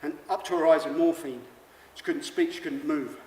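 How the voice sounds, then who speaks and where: A man performing a rambling theatrical monologue on stage, swinging from manic to hushed. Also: fairly high pitch, normal speed, slight background noise. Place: stage in a large hall. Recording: echoey hall recording from far off.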